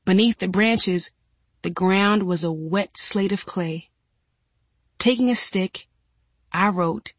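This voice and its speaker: A woman narrating a first-person audiobook in a steady, measured storytelling manner. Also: medium pitch, no room sound.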